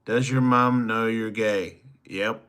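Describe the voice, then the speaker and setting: A man's voice: on the low side, steady tone, slow pace, a bit bright, smooth. A man hosting a solo livestream, reading viewer chats aloud and answering them with crude joking banter that sometimes trails off into mumbles. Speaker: podcast host.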